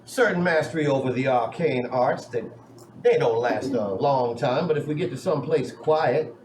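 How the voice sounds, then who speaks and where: Playing a tabletop game, a man speaks in character with a drawling cowboy manner, at a moderate pace with a medium, darkish voice. The recording is roomy and noisy, picked up by a distant mic.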